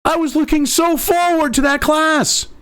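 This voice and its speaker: A man's voice: extremely high pitch, fairly even intonation, moderate pace, fairly bright tone. A male host delivering a profane, angry political commentary rant full of sarcasm. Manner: angry, sarcastic, swears constantly.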